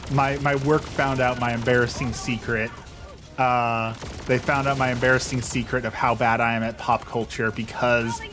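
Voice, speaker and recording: Rambling young man chatting while gaming. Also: mid-range voice. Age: young adult. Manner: rambling, self-deprecating, frequent restarts. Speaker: streamer. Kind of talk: casual gameplay chat.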